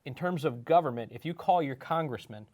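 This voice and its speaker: A man's voice: a little high, lively intonation, brisk, a little mellow. A man in his thirties, a town mayor, answering interview questions earnestly and explaining at length. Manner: earnest, explanatory, acts out quoted chats.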